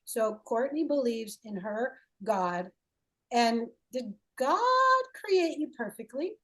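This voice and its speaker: Woman healing coach, playful and encouraging, unhurried delivery. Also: fairly high pitch, very animated, a bit bright. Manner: playful, encouraging, asks leading questions. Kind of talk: coaching call.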